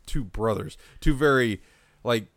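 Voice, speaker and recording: A relaxed man in his forties, co-hosting a show recap, posing questions and teasing his friend. His voice sits mid-range and sounds dry and close, with no room around it. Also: mid-range voice, unhurried, no room sound. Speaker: podcast co-host. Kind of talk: casual TV recap chat.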